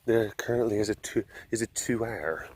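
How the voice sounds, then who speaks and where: A man's voice: fairly low pitch, moderate pace, a little mellow, slight background noise. A man vlogging outdoors at an animal facility, making playful, jokey asides to viewers and to the animals. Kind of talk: casual chat.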